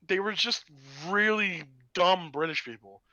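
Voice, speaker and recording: A man's voice: high-pitched, a little slow, pushed and bright, no echo, low-quality recording. A man co-hosting a podcast in casual chat, rambling and swearing through his stories and laughing often. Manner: laughing, profane, rambling storytelling. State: recovering from illness. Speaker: podcast co-host.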